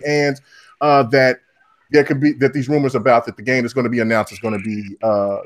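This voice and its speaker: A man hosting a casual gaming podcast panel, loud and joking, with swearing. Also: medium pitch, level tone, brisk. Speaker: podcast host.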